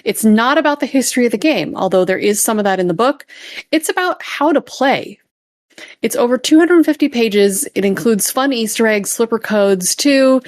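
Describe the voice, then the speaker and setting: A woman's voice: a little high, no echo, studio quality. A woman co-hosting a podcast, chatting casually through the news with lots of fillers and easy laughs. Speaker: podcast co-host reading news.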